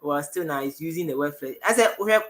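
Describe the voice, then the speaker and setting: Ghanaian male Bible teacher, slightly high and very bright voice, halting studio delivery. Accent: Ghanaian English. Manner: halting, self-correcting, reads verses aloud. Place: television studio.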